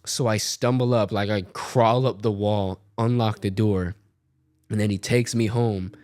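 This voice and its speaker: A young man telling a story casually on a podcast, animated and quoting voices as he goes. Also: on the low side, measured pace, no room sound, clean studio sound. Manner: animated, tells stories with quoted voices.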